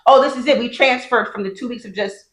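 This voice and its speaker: A woman's voice: a little high, quick pace, fairly bright tone. Chatty woman, echoey room. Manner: chatty storyteller, acts out quotes. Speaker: podcast co-host. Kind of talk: casual podcast chat.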